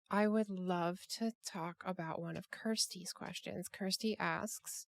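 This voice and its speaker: A woman's voice: medium pitch, unhurried, no echo. A woman hosting a casual group chat over a call, rambling with many restarts and fillers. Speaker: podcast host.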